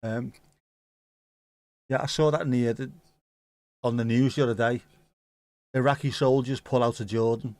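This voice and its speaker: A man's voice: medium pitch, fairly even intonation, moderate pace, pauses often, a little mellow, dry recording. A man casually commenting on a football match for a live watchalong, joking and reading out viewer comments. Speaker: watchalong host.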